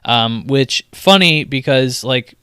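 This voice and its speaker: A man's voice: medium pitch, animated, slow pace, a bit bright, clean tone, no echo, clean studio sound. A man co-hosting a casual gaming podcast, wry and joking as he talks things over with friends. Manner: wry, joking, slips into mock grumpy voices. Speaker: podcast co-host.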